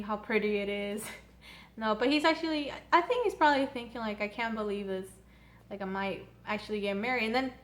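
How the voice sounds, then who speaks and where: A young woman with a slightly high voice gives a rambling, casual episode recap. She giggles, swears freely and fills her talk with "like," recorded on a phone. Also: fairly bright tone. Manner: chatty, giggly, swears a lot, many "like"s. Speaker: anime reviewer.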